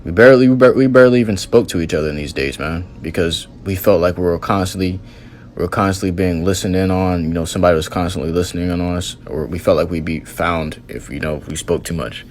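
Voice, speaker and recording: Man, very low voice, earnest casual testimony, loose and repetitive delivery. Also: quick pace, darkish tone. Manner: earnest, repeats himself, fills with "you know" and "man".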